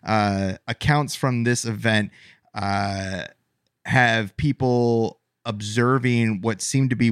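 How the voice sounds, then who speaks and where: A man co-hosting a podcast, telling a story in a casual, halting way with many fillers. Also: lowish voice, a bit bright, dry recording, studio quality. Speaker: podcast co-host narrating the story.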